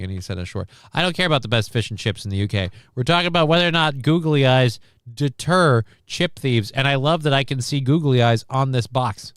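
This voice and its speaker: Smooth-voiced joking male streamer. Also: medium pitch, a little fast, few pauses, fairly bright tone, no echo, studio quality. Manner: joking, rambling, swears freely. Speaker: stream host. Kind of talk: casual chat reacting to news clips.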